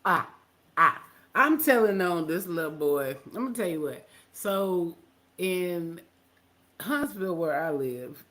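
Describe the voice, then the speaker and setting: A man's voice: mid-range voice, a bit bright. A man co-hosting a podcast, telling a story casually and acting out the voices of the people in it. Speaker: podcast co-host. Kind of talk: casual chat.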